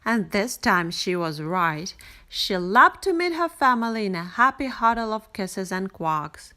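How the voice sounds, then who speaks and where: A woman reading a bedtime picture book aloud, gentle and expressive, with sing-song repetition. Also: mid-range voice, measured pace. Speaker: storyteller. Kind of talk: bedtime story read aloud.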